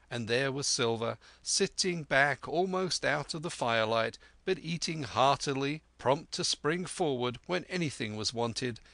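A man narrating a classic adventure novel in a steady, clear reading voice. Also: mid-range voice, no echo. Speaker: audiobook narrator. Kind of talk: scripted narration.

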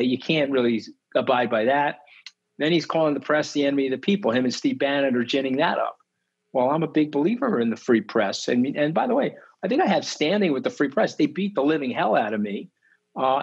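A man, telling stories in an interview, emphatic and indignant, his pitch leaping high when outraged. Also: husky. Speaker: interview guest. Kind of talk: animated interview storytelling. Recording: slightly dull lo-fi audio.

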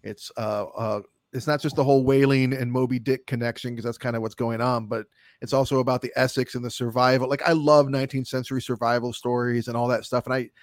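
A man's voice: medium pitch, steady tone, fast, dry recording. Rambling, cussing guy in a dry booth. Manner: rambling, profane, laughs often. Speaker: podcast co-host. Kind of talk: casual movie chat.

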